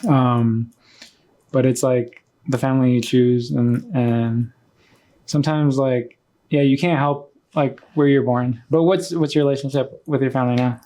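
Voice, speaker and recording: Rambling man with a dark, flat voice. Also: mid-range voice. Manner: rambling, halting, heavy on fillers. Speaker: host. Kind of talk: casual interview chat.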